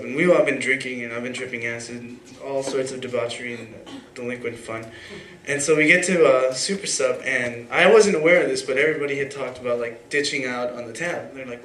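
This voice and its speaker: On stage at a live story slam with an audience, a young man speaks fairly quickly in a mid-range, fairly bright voice. His personal story comes out casual and rambling, with many fillers and restarts, recorded in an echoey room with faint ambience.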